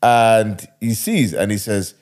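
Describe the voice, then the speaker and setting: A man's voice: on the low side, takes it slowly, a little mellow. A man casually retelling a wild story, rambling and slangy.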